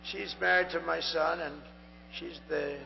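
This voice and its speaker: A political candidate in his seventies gives a rambling, repetitive rally speech with boastful asides, his voice strained and tiring. It's fairly high, gravelly and unhurried, with fairly even intonation. The large venue's hall feed sounds dull and echoing, with hum and soft background music.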